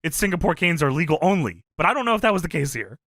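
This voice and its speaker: A male podcast co-host with a high, bright voice that leaps all over the place. He is excitable and quick to laugh, swearing freely in casual chat, heard close on a dry mic. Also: no echo.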